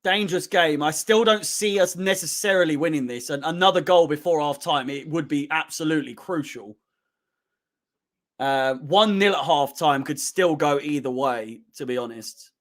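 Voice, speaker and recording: A man hosting a fan watch-along, calmly breaking down the match between bursts of shouting and swearing at the players. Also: fairly high pitch, normal speed. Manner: swings from calm analysis to shouting and swearing at players. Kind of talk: excitable fan match commentary.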